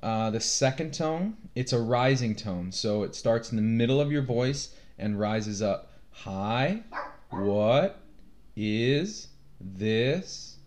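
A man teaching a Chinese lesson, slowly drilling numbers and tones with his students. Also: mid-range voice, a little mellow. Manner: very slow and deliberate, modelling tones. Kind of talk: classroom lesson, drilling pronunciation.

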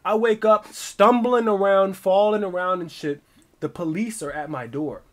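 A streamer tells a story in a loose, animated way, swearing freely and restarting his sentences as he goes. His voice sits a little higher than most men's. He sounds casual and unscripted. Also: normal speed. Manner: animated, profane, rambling storytelling with many restarts.

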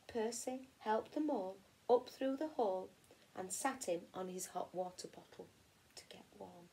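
A woman teacher from England reading a children's picture book aloud in an expressive storytelling way. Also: mid-range voice, normal speed, creaky. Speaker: primary school teacher.

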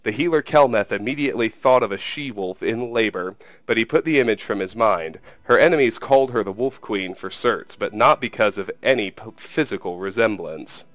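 A man hosting a game playthrough, reading an in-game book aloud in a steady, measured way. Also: fairly low pitch, no room sound, soft background music. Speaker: let's play host.

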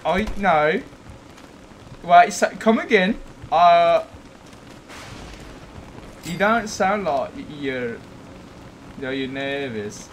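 A man chatting and teasing a friend on a gaming stream, animated and jokey. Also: fairly high pitch, drawn-out words, long pauses, slight background noise. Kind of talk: casual gaming stream chat.

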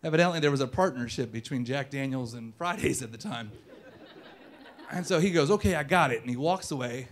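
A man performing a personal story on stage, conversational and animated, acting out the dialogue. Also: mid-range voice, fairly quick, a little hiss or hum. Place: dance studio performance venue.

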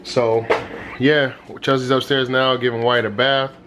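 A man's voice: mid-range voice, flat delivery, a little slow, background noise. A young man recapping his day in a casual home vlog, rambling with lots of ums and restarts. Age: young adult. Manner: rambling, many fillers and restarts. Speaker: vlogger, husband and father. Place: at home indoors. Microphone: handheld camera.

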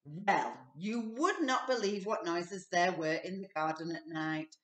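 A woman reading a children's picture book aloud with expressive delivery and playful sound effects. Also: lowish voice, measured pace. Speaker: storybook reader. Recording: echoey room, distant mic.

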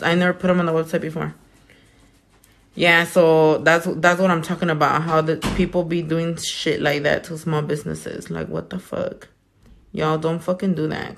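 A woman's voice: on the low side, a bit bright. A woman nail technician in casual livestream chat while doing her nails, blunt and profane as she vents. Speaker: nail technician and small business owner.

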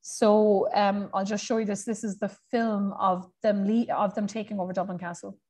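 A woman's voice: medium pitch, little pitch movement, normal speed, dark tone. Woman giving a chatty history lecture. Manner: conversational, reads quotes aloud, frequent fillers and self-corrections.

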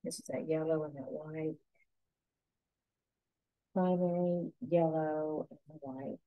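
A woman teaching a painting lesson, giving soft, unhurried step-by-step instructions. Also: low-pitched, flat delivery, dry recording, phone-quality sound.

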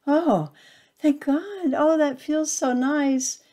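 A woman's voice: medium pitch, expressive, a little slow, dark tone. A woman voicing a small, frightened, lonely acorn in a storybook tale, with breathless pleading cries. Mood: relieved.

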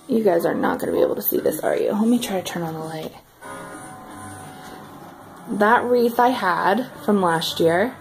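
A woman's voice: fairly high pitch, vocal fry, mellow. A young woman chatting casually in a home vlog, giggly and full of fillers, filmed on a handheld phone indoors. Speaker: vlogger. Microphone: handheld phone camera.

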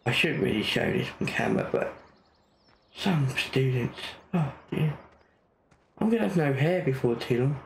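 A man's voice: medium pitch, lively intonation, moderate pace, vocal fry, pauses often, a little hiss or hum. Grumbling English man, roomy echo. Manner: grumbling, exasperated chatter. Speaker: gaming channel host. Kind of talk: casual gameplay commentary.

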